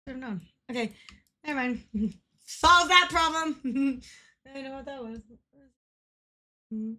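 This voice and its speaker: A woman livestreamer giving excitable live gaming commentary, swearing a lot and laughing often. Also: sits high, takes it slowly.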